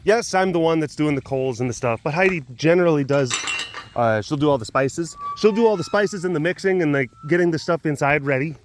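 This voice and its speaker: A man's voice: a little high, fairly quick, a little hiss or hum. A young man chatting casually and rambling about his day as a podcast host. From Dallas-Fort Worth area, Texas. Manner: rambling, talks to pets in a soft voice. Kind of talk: casual chat.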